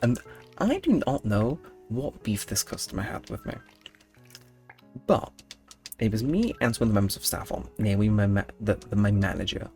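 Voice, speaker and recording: A man's voice: lowish voice, darkish tone. A young man telling stories in late-night gameplay commentary, rambling with mock-indignant outbursts. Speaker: gaming channel host.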